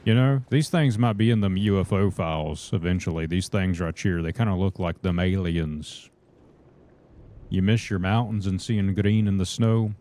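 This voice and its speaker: A man's voice: sits low, moderate pace, a little hiss or hum. A man chatting casually on a gameplay livestream, talking to viewers and calling them brothers. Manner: relaxed, chatty, reads chat and greets viewers as brothers.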